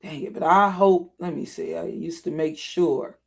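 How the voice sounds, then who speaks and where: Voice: mid-range voice, normal speed, creaky. A live streamer talking casually while browsing, thinking aloud, often repeating and restarting phrases as frustration builds.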